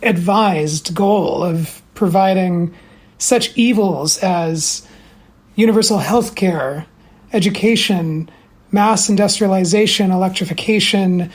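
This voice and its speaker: A man delivering a recorded message in slow, deliberate, deadpan, mock-pompous sarcasm. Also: high-pitched. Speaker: former guest sending a recorded message.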